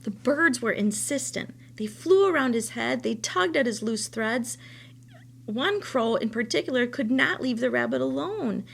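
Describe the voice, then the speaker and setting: A woman teacher reads a children's novel aloud in a fairly high voice with a gravelly edge. Her storytelling is steady and expressive, and a faint hum sits behind her. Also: a little slow.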